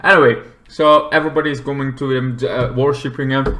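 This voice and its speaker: A man's voice: mid-range voice, normal speed, pushed and bright. A man casually reviewing a horror movie, rambling with many fillers and swearing as he retells scenes animatedly.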